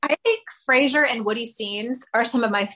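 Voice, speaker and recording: A woman's voice: fairly high pitch, moderate pace, pushed and bright. A woman co-hosting a casual podcast, talking enthusiastically and conversationally about favorite sitcom scenes. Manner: enthusiastic, conversational, uses "like" a lot. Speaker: podcast co-host. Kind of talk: casual chat recapping a sitcom episode.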